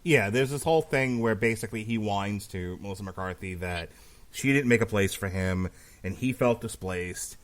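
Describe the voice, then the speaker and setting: Man hosting a casual podcast. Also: fairly low pitch. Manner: loose retelling, steers the talk, swears casually. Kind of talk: casual chat.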